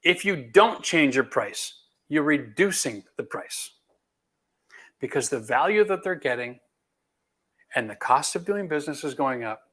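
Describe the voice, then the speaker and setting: A man's voice: on the high side, animated, a little slow, pauses often, a bit bright. A middle-aged man from Canada, a home renovation host answering viewer questions in a blunt, emphatic, folksy way. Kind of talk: live Q&A chat.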